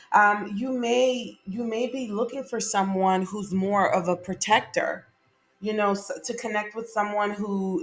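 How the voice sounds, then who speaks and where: A woman giving a monthly tarot reading, chatty and enthusiastic, with many fillers and repeated okays. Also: mid-range voice. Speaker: tarot reader.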